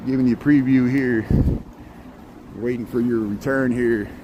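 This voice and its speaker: A folksy Midwestern man in his forties rambles through a walking livestream, talking into his phone as he goes. His voice is mid-pitched and plain. Clear traffic and city noise run behind him on the wet street. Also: steady tone, a little slow. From Indiana. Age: 40s. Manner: folksy, rambling, repeats "here" and "there". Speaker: livestream host. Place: outdoors on a city street in light rain.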